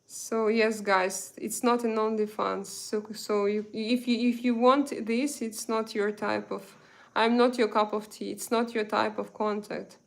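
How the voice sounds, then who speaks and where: A woman from Russia with a Russian accent, hosting a casual live chat, slow and hesitant with many fillers. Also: medium pitch, fairly even intonation, creaky. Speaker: live stream host. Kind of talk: casual live chat reading viewer comments.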